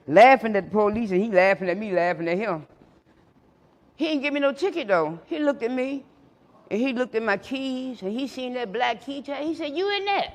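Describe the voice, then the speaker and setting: Middle-aged guy, high voice, telling funny stories in an echoey hall, does all the voices himself. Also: moderate pace. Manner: animated storyteller acting out both sides of the dialogue; colloquial, laughing through his stories. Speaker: recovery speaker. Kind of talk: storytelling talk to a live audience.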